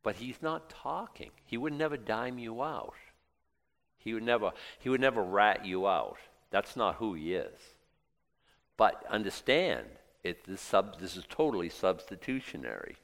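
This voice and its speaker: A man preaching a sermon, reading scripture aloud and breaking into lively acted asides. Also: fairly low pitch, a little slow, gravelly, long reverb tail. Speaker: pastor.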